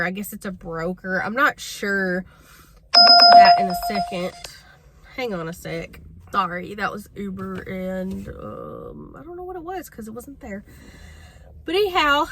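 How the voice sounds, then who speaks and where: Woman vlogger, casual storytelling, bright clear voice, exasperated. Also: mid-range voice. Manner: chatty, exasperated, addresses viewers as y'all.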